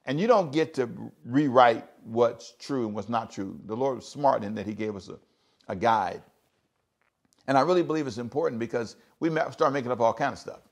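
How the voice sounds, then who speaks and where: A man's voice: mid-range voice, normal speed. A man in his thirties preaching a sermon as pastor, emphatic, with repeated words and sudden rising outbursts.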